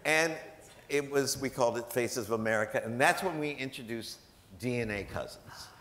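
A man's voice: mid-range voice, normal speed, a bit bright. A man speaking as a guest at a gala, telling humorous stories to a live audience in a chatty, jokey way and quoting the people in them. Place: large event hall. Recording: echoey hall.

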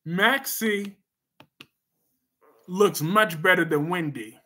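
A man hosting a casual livestream, reacting to viewer comments with animated repetition. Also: high voice, takes it slowly. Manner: animated, repeats phrases for emphasis. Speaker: livestream host reading comments.

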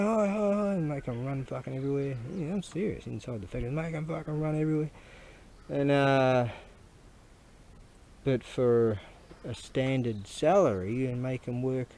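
A man's voice: medium pitch, dark tone. A man rambling casually to the camera while working with tools, crude and joking, with mumbled asides. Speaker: vlogger selling Japanese goods.

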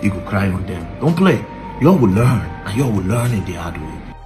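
A man's voice: on the low side, very animated, normal speed, over music. Defiant Nigerian man ranting. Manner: combative, defiant, mixing Pidgin and English. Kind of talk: ranting video monologue.

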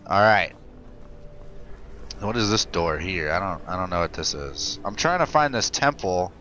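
Excitable young man playing a game. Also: low voice, unhurried, dull audio, faint music behind. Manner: excitable, profane, talks back to the game characters. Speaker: gaming channel host. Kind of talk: casual gameplay commentary.

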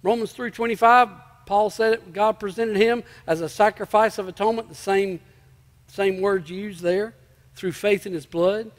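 High-voiced male pastor, reverberant church. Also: fairly even intonation, moderate pace. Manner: emphatic, repeats key phrases, asks the congregation rhetorical questions. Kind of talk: sermon. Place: church sanctuary before a congregation.

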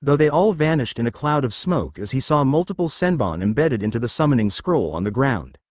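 A man's voice: medium pitch, big pitch swings, fairly quick, darkish tone, no echo, studio quality. Man reading a fanfic story. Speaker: narrator.

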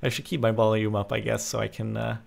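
A man's voice: on the low side, level tone, fast, creaky. A young man hosting a let's-play, casual and wry, rambling as he plays. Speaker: gaming host.

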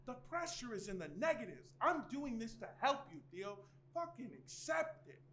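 Guy playing a pushy cursing comedian bro, high lively voice. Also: normal speed, echoey room, far from the mic, a little hiss or hum, full character voice. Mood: scolding. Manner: profane, blunt, teasing. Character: brash stand-up comic man, pushy older brother. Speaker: stand-up comedian. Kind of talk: scripted comedy drama acting.

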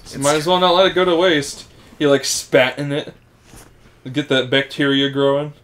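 A man's voice: a little high, level tone, moderate pace, a bit bright. A man hosting a podcast in casual chat, rambling through explanations with restarts and swearing. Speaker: podcast host.

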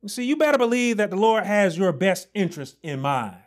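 A male pastor preaching a sermon with passion, often shouting and then dropping to low asides. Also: sing-song, brisk.

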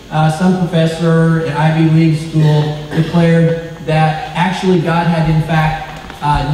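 A man delivers a sermon in a high-pitched voice, swelling on key phrases and dropping low at the ends. He stumbles over a word now and then. The sound comes from far off in a booming, reverberant hall. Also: a little mellow, slight background noise. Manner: preaching with emphatic rises and drops, stumbles over words. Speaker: pastor.

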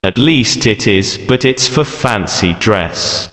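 A man's voice: on the low side, animated, slow, a bit bright. A man reading the protesting lines of an astonished male shop clerk in a story, recorded with roomy, long reverb.

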